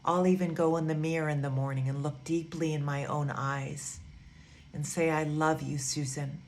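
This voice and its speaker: A woman giving a gentle, soothing teaching talk, repeating phrases softly as she guides her students. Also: sits low, steady tone, slight background noise. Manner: soft, slow, repetitive, soothing. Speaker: spiritual teacher.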